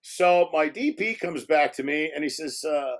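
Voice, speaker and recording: An older man tells stories from his directing days in a loose, rambling way. He stops and restarts often and fills gaps with um and you know. His voice grows animated when the story turns funny. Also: fairly high pitch, moderate pace. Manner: rambling, many fillers and restarts. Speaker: film director guest. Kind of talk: casual storytelling interview.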